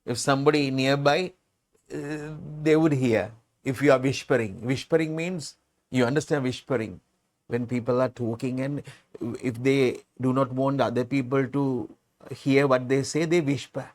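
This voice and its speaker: A man's voice: mid-range voice, fairly even intonation, moderate pace. A man teaching English, reading a story aloud and patiently explaining words, often repeating and restarting.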